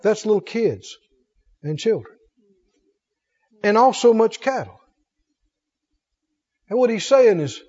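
A man preaching a sermon, folksy and animated, swinging from loud calls to low asides. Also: a little slow, long pauses, husky. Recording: dull sound with long hall reverb.

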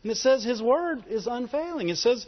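A male preacher delivers an emphatic sermon in a notably high voice, pressing his listeners with call-and-response questions. His words ring out with a long reverberant tail, as if filling a large hall. The recording itself sounds dull and lo-fi. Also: big pitch swings, moderate pace. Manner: emphatic, calls for audience response.

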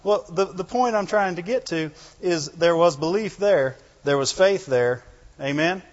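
A man's voice: a little high, unhurried. A man preaching a conversational sermon, often checking in with the congregation and chuckling between points. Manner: keeps asking the congregation "right?" and "amen?". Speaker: pastor. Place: church hall. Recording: dull lo-fi sound with long hall reverb.

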